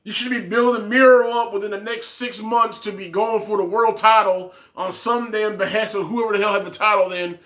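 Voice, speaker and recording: A man's voice: high-pitched, fairly even intonation, a little fast, few pauses, a bit bright. A man hosting a casual wrestling review who rants bluntly with heavy cursing. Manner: blunt, profane, ranting. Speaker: wrestling podcast host.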